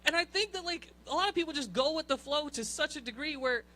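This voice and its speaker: A young man doing a profane, animated stand-up set, ranting in disbelief and laughing at his own lines. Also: extremely high pitch, quick pace. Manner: profane, animated, incredulous rants with frequent laughs. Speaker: stand-up comedian. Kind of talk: stand-up set at an open mic.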